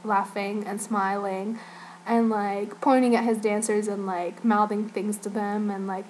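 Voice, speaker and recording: A woman's voice: medium pitch, little pitch movement, measured pace, darkish tone, a little hiss or hum. A young woman casually recapping a fan event in a vlog, rambling and giggling, filling her talk with "like". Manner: rambling, giggly, heavy use of "like". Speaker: fan vlogger.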